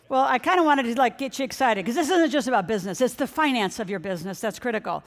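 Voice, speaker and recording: A middle-aged woman, a financial coach, giving an energetic motivational seminar talk and speaking straight to her audience. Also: on the high side, fast, hardly any pauses. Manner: energetic, excitable, addresses the audience directly. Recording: long hall reverb.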